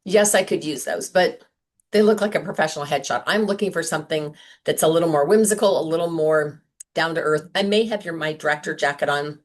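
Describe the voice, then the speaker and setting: A woman sales director giving a chatty, upbeat training talk to her team on a video call, full of asides and quick questions. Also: low voice. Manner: chatty, upbeat, lots of "like" and "right?". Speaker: sales director coaching consultants.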